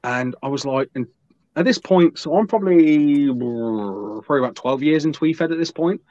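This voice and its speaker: A man's voice: on the high side, lively intonation, normal speed, a little mellow, dry recording. A man telling a profane, rambling anecdote on a podcast, slipping into quoted voices. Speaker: podcast guest. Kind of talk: casual storytelling. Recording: dull, slightly lo-fi dry sound.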